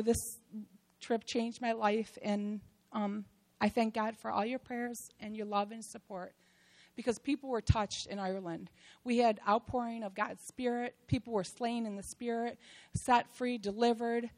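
A woman's voice: a little high, fairly even intonation, measured pace, a little mellow, low-quality recording. A woman giving a heartfelt church testimony about a mission trip, rambling with many fillers and restarts.

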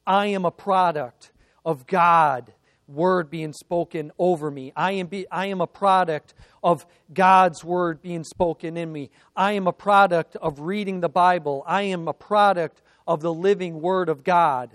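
A man's voice: high-pitched, a little slow, no room sound. A man preaching a sermon, building through emphatic repeated phrases. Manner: preaching with rising emphatic repetition. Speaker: pastor.

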